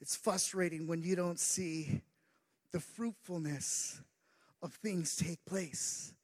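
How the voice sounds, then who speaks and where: A man preaching as pastor, moving from quiet asides to shouted, sing-song delivery with many "uh" fillers. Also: fairly high pitch, fairly even intonation, slow pace. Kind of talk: sermon.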